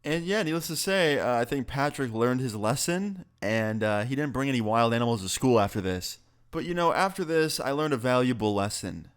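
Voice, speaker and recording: Young dude chatting to his channel, smooth clean voice, laid back and jokey. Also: medium pitch. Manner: chatty, joking, signs off to viewers. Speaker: YouTuber telling a story. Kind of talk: casual story-time vlog.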